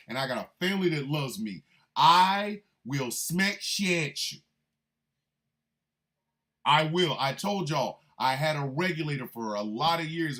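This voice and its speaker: A man hosting a radio show, a military veteran, delivering a profane, confrontational monologue that swings from low, menacing threats to shouted outbursts. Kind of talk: heated monologue rant.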